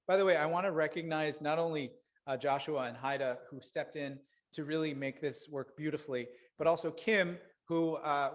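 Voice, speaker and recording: A man leading a synagogue service, speaking in a relaxed, chatty way with fillers, over guitar accompaniment. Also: fairly high pitch. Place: synagogue sanctuary. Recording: guitar music under the voice.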